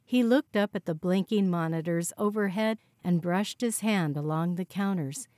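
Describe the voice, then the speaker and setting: A woman reading a novel aloud in steady, scripted narration on a close mic. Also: lowish voice, normal speed, no echo. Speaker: audiobook narrator.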